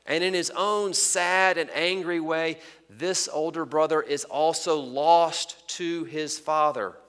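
A man preaching a sermon as pastor, earnest and emphatic, slowing down to stress key points. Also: fairly high pitch, steady tone, a bit bright, smooth, big-room sound.

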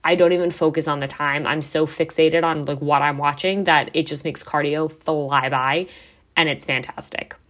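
A woman's voice: low-pitched, fairly even intonation, normal speed, fairly bright tone. A young adult woman hosting a podcast, chatting casually and swearing now and then, with lots of "like". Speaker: podcast host.

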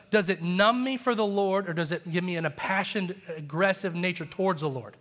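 High-voiced man preaching in a reverberant hall. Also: fairly quick. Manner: passionate, animated preaching with rising emphasis. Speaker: pastor. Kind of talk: sermon. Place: church sanctuary.

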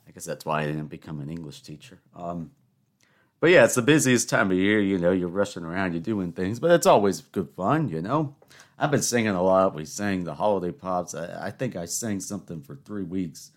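A man's voice: low-pitched, animated, a little fast. A man in his twenties hosting a solo podcast, rambling and self-mocking, rising into exasperated rants. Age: 20s. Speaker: podcast host. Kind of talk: casual solo podcast monologue.

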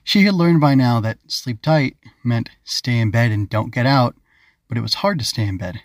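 A man narrating his own children's story as an audiobook, in a calm, even storytelling manner. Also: medium pitch, normal speed, dry recording, clean studio sound. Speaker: author and narrator.

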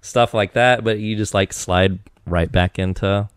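A young man from Eastern Washington chats loosely as a podcast guest, piling up fillers and restarts. His voice sits low and sounds smooth and resonant. The handheld mic gives a dry, close sound. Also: fairly even intonation, measured pace, dry recording. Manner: rambling, many restarts and fillers. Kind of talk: casual chat.

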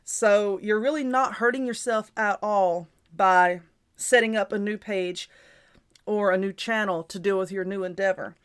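A woman's voice: medium pitch, fairly even intonation, measured pace, smooth. A woman hosting her own show, giving casual, reassuring advice in a chatty, repetitive way while stifling hiccups. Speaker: YouTuber and podcast host.

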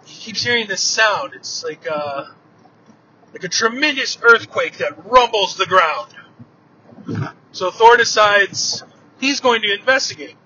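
A man tells an old myth aloud, slow and unhurried, with a high, bright voice. He paints each scene vividly. The recording is dull and lo-fi, with a faint hiss behind. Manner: relaxed, vivid retelling. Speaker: storyteller. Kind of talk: oral storytelling of myths.

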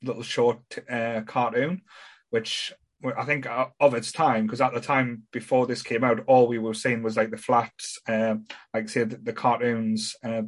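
A man co-hosting a casual podcast chat, talking in a halting way with frequent stammers and restarts. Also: mid-range voice, steady tone. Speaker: podcast co-host.

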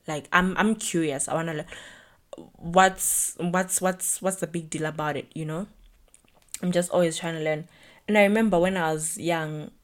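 A young woman talks through a solo podcast episode. Her voice sits a little low for a woman, and she rambles in a chatty, reflective way, filling her sentences with "like" and "you know". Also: moderate pace. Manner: chatty, reflective, animated storytelling with lots of "like". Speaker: podcast host.

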